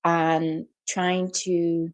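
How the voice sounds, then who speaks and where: A woman from Liverpool with a softened Scouse accent, co-hosting a podcast and telling stories in casual chat. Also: on the low side, extremely slow. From Liverpool, England. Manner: animated storyteller. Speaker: podcast co-host.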